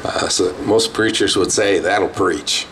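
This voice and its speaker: A man's voice: sits low, measured pace, fairly bright tone, a little hiss or hum. A man, a pastor, preaching a sermon in a plain, conversational way with bursts of emphasis. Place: outdoor drive-in church service.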